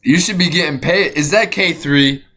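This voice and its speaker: A young man streaming, reacting out loud in casual chat, profane and excitable, laughing often. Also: fairly high pitch, moderate pace. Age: young adult.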